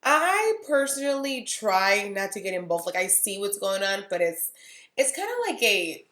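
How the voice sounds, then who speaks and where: A beauty vlogger in her thirties tells stories to the camera in a candid, casual monologue, acting out both sides of each conversation. She speaks at a normal speed with a mid-range, fairly bright voice and lively intonation, and the room sounds echoey.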